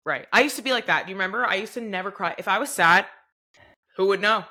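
A woman's voice: medium pitch, quick pace, bright, forceful tone. A young woman co-hosting a podcast, chatting casually and acting out quoted dialogue as she tells a story. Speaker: podcast co-host. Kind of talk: casual chat.

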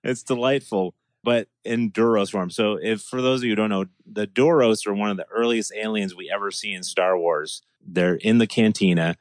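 A man's voice: lowish voice, fairly even intonation, moderate pace, hardly any pauses, no room sound. A man talking in a casual podcast chat, enthusiastic and rambling, with restarts and laughs.

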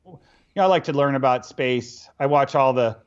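A middle-aged man telling stories casually as an interview guest, animated and acting out bits of dialogue with laughs. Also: mid-range voice, a little fast, clear, resonant tone. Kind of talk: casual storytelling. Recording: dull lo-fi recording.

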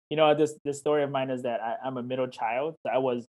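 Over a video call, a man who is a certified life coach replies to interview questions in a mid-range, steady voice, fairly quick. He keeps it casual and encouraging, with a warm manner, posing questions and playing out little quoted exchanges.

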